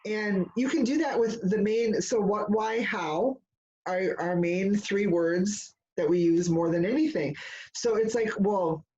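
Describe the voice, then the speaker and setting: A woman's voice: mid-range voice, unhurried. Rambling woman on a dull lo-fi recording. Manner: rambling and animated, with many fillers and restarts. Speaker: discussion leader. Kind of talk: casual spiritual chat.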